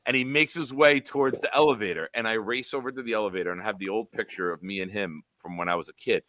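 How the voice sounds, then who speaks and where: A man in his forties, a show host telling a profane, animated sports story with quoted dialogue. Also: on the low side, quick pace, dry recording.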